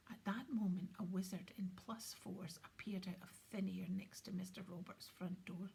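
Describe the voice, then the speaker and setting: A woman reading an audiobook in a soft, hushed, breathy whisper. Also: medium pitch, steady tone, normal speed, few pauses, slight background noise. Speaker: audiobook reader.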